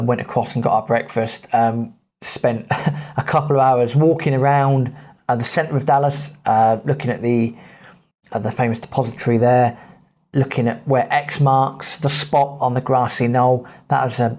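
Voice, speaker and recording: An English man in his thirties tells travel stories with a medium-pitched voice. He talks in a loose, chatty way, blunt and quick with a dry jab. He sounds like a podcast host looking back on an old trip. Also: darkish tone. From England. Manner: chatty and blunt, with British slang. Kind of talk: casual travel storytelling.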